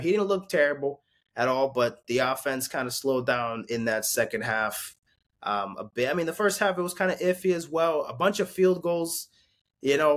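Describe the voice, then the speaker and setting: A man talks through the week's games in a loose, rambling recap, swearing freely and jumping between topics. His pitch swings widely, climbing high when he gets excited and sinking low when he grumbles. It sounds like an amateur fan show. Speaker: sports podcast host. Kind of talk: casual sports recap and live reactions.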